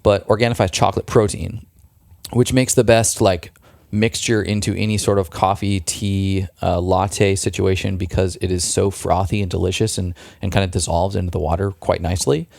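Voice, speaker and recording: Gravelly low-voiced man hosting a podcast. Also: level tone, moderate pace, darkish tone, no echo, studio quality. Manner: chatty, enthusiastic, restarts a lot. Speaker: podcast co-host. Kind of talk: casual product pitch in a podcast chat.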